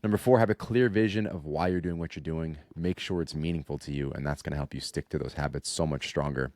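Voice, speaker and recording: Podcast co-host, young man, deep and dry, direct and upbeat. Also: fast talker, a little mellow, no echo. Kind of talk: casual podcast chat.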